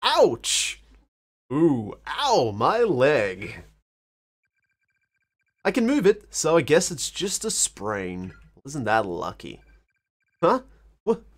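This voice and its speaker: A man's voice: on the high side, wildly swooping pitch, slow, long pauses, fairly bright tone. An Australian man streaming a game, reading the characters' dialogue aloud in playful put-on voices and joking between lines.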